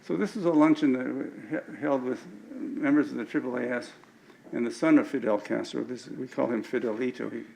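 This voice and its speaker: Older man with a gravelly voice, lecturing. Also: medium pitch, fairly even intonation, brisk, a little mellow, a little hiss or hum, poor audio. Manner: anecdotal, with frequent restarts and stumbles. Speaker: speaker at an alumni event. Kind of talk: lecture with slides.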